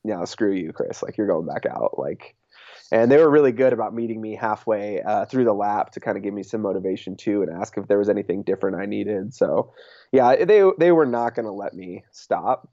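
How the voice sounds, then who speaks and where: A young man chats easily in an interview, his voice sitting a little low and sounding warm and dark. He leans on filler words and laughs often. The recording is dry and somewhat muffled. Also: fairly quick, dry recording. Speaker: interviewed race champion. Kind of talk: casual interview chat.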